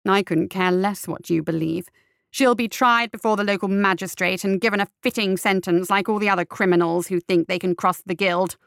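A woman's voice: medium pitch, steady tone, brisk, creaky, a bit bright, smooth, no echo. A woman voicing a vain, pompous male guild officer in a storybook, speaking in a dry, haughty drawl.

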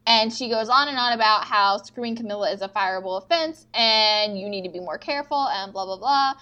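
A woman's voice: medium pitch, brisk, pushed and bright, clear, resonant tone, muffled recording. A young woman co-hosting a podcast, animatedly retelling TV scenes with quoted dialogue and frequent swearing. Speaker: podcast co-host recapping episodes. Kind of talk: casual chat.

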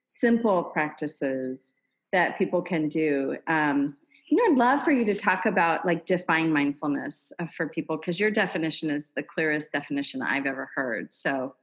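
A woman's voice: deep voice, expressive, normal speed. A woman hosting a podcast interview, speaking with effusive enthusiasm. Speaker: podcast host.

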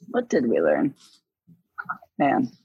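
Breathy, laughing woman player. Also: a bass voice, dry recording. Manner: swears and laughs freely. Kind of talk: casual tabletop game chat. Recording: dull lo-fi sound.

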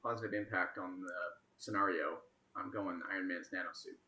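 A man with a slightly low voice chats casually and teases his friends. His voice rings with a roomy echo. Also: fairly even intonation, a little fast, pushed and bright, far from the mic, slight background noise. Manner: teasing, joking. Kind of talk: casual chat. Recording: echoey room.

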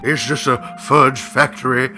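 A man's voice: medium pitch, steady tone, a little slow, sharp tone, faint music behind. A man voicing a nervous, stuffy elderly husband in an improvised comedy sketch, fretting and quavering. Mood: anxious, fretful. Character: nervous old husband facing a test.

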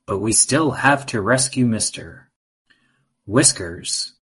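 A man voicing a calm, loyal male ninja warrior in a storybook, steady and reassuring. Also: fairly low pitch, slow, slightly rough, full character voice.

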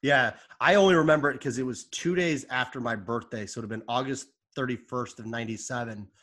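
A man's voice: mid-range voice, quick pace, fairly bright tone. A man from the United States co-hosting a sports podcast, talking casually and explaining at length with a joking streak. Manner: jokey, chatty, explains at length. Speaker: podcast co-host.

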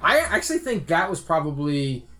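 A man's voice: a little high, very animated, moderate pace, pushed and bright, faint music behind. A man co-hosting a podcast, rambling loosely and swearing in casual chat. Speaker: podcast co-host.

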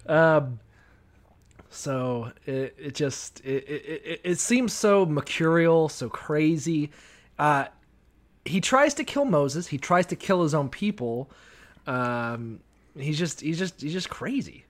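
A man's voice: fairly high pitch, animated, slow. Profane, joking man on a podcast. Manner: irreverent and profane, laughs often, acts out voices. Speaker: podcast co-host. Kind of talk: casual chat.

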